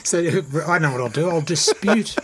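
A man in a casual conversation, reflective and gently wry. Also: on the high side, animated, moderate pace, a little hiss or hum.

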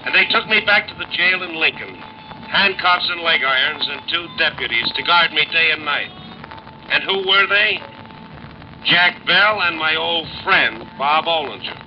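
A hunted young outlaw tells his story in a laconic frontier drawl. The voice sits a little high, and it comes through a dull, muffled old radio recording with a steady hiss behind it. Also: measured pace. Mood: grim narration. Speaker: narrator and lead character. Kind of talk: 1950s radio drama.

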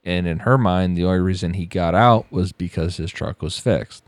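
A man's voice: deep voice, normal speed, no echo. A man narrating a true crime case on a podcast, with blunt, profane asides.

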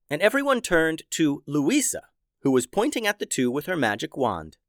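A man hosting and narrating a children's story in a lively, expressive way. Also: a little high, dry recording, clean studio sound. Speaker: storyteller host.

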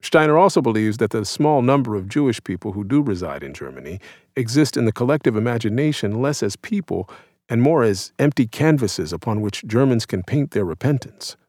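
A man in his thirties from the United States, reading his own essay aloud in a measured, reflective and somber way. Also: medium pitch, animated, a little mellow, no echo, clean studio sound. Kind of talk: scripted narration.

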